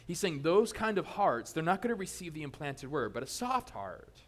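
A male pastor preaching a sermon in a lively, joking way, teasing his congregation. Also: on the high side, normal speed.

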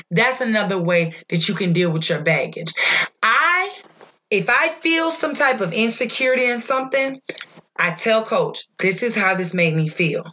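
Woman, bright forceful voice, blunt, profane, animated storyteller, casual chat. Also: medium pitch, a little hiss or hum.

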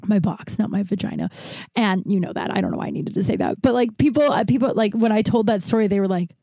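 A woman's voice: medium pitch, sing-song, fast, dark tone, no echo. A woman in her thirties from Colorado hosting a podcast, telling comic stories in a rambling, profane way and laughing often. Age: 30s. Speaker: podcast host. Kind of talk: casual comedic storytelling.

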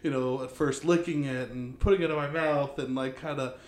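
A man's voice: medium pitch, steady tone, a little fast, crowd noise. Rambling laid-back male podcast host. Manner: rambling storyteller, many fillers, laughs often. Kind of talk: casual podcast chat.

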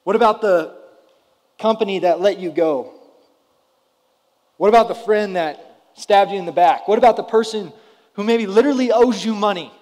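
A man's voice: high voice, moderate pace, long pauses, a little mellow. A man in his thirties preaching a sermon to his congregation in a conversational way, often putting questions to the room. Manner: conversational, asks the audience questions. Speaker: pastor. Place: church hall before a congregation. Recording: roomy hall with long reverb.

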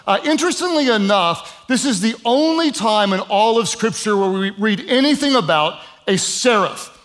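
A man preaching with a notably high voice. He talks conversationally, with "um" fillers, hammering points home through repetition and easing the sermon with humorous asides. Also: expressive, moderate pace, a bit bright. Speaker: pastor.

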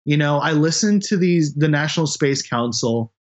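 A man's voice: on the high side, animated, moderate pace. A man working as a space journalist, talking bluntly and candidly in a casual podcast conversation.

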